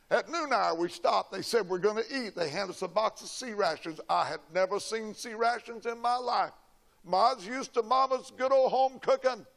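Preaching a sermon, this older man has a high, creaky voice. He spins a personal story with folksy drama and shouts the lines he quotes.

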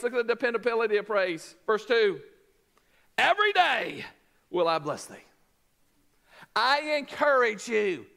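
High bright-voiced preacher man. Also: vocal fry. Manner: emphatic, rising to shouts. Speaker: pastor. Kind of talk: sermon.

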